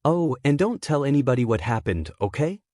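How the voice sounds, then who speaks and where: A man's voice: mid-range voice, very animated, brisk, mellow, dry recording, clean studio sound. A man voicing a taunting schoolyard bully. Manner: taunting sing-song. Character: jeering schoolyard bully boy, cruel.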